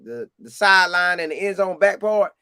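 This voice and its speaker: A man's voice: moderate pace, smooth, dry recording, studio quality. A man from Florida with a Southern accent, animatedly telling a casual story and acting out what people said. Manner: animated, acts out quotes in a higher voice. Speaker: storyteller recounting a game visit.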